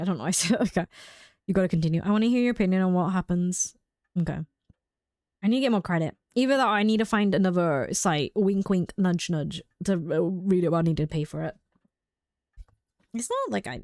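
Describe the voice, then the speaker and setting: A woman's voice: lowish voice, darkish tone, no room sound, clean studio sound. A young adult woman streaming a game live, rambling and chatting casually with frequent laughs.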